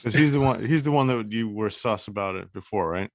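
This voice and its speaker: A man with a low, gravelly voice talking easily on a podcast. He is relaxed and agreeable, recorded close with no room sound. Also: brisk, no echo. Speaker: podcast co-host. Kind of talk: casual chat.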